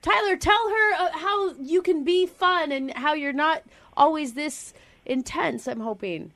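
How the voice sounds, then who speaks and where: High-voiced woman radio co-host. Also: unhurried, fairly bright tone. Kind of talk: casual radio chat.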